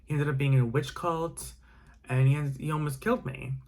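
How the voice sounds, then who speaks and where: A man's voice: a little high, steady tone, brisk, a little mellow. A young man retelling a dramatic personal story, emotional and full of "like" fillers. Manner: emotional, heavy use of "like" fillers.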